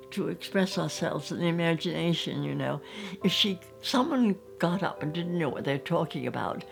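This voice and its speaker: A woman's voice: on the low side, gravelly. An older woman with an English accent, reminiscing about her school days and acting out little scenes as she tells them. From England. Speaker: storyteller. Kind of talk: recounting childhood memories.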